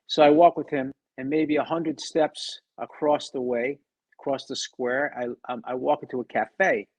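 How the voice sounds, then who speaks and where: A middle-aged man telling a personal story as an interview guest, animated, acting out the people he quotes and often restarting his sentences. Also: mid-range voice, measured pace, dry recording, rough recording. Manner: animated, acts out quoted dialogue, frequent restarts.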